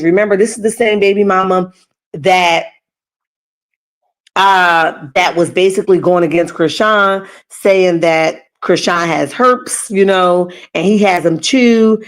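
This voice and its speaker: A woman hosting a gossip channel, giving sassy, chatty commentary on reality TV drama. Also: on the low side. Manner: sassy, chatty asides with "okay?" and "child".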